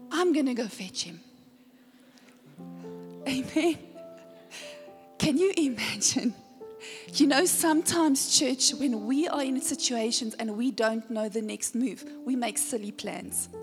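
A woman pastor delivering a sermon in a high, bright register, taking her time over each phrase. She retells the story dramatically and keeps turning to the congregation for a response. Her voice rings through a long church reverb with faint music underneath. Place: church sanctuary.

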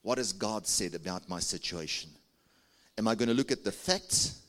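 A man's voice: moderate pace, a bit bright. A male pastor with a South African accent preaching a sermon to his church, urging the congregation to answer and raise their hands. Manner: preaching with big pitch swings, coaxing the congregation.

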